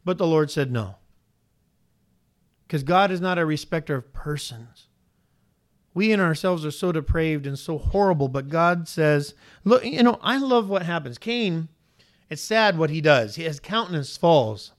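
A man preaching a sermon to a congregation, animated and questioning, his pitch rising sharply on points of emphasis. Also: a little slow. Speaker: pastor.

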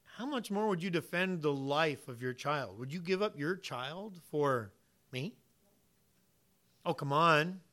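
A man preaching with a bright, forceful voice pitched a little above the usual. He drops to near-whispers for asides, then hammers his points out loud and slow, and acts out imagined exchanges with the congregation. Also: expressive. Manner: emphatic, swings from quiet asides to loud punchy points; uses vivid hypotheticals and plays out imagined dialogue. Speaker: pastor. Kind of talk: sermon.

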